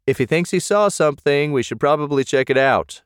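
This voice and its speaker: A man voicing a steady teen gang leader. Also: a little high, brisk, clean tone, no echo, clean studio sound, pitched above the performer's own voice, close to an everyday voice. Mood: earnest.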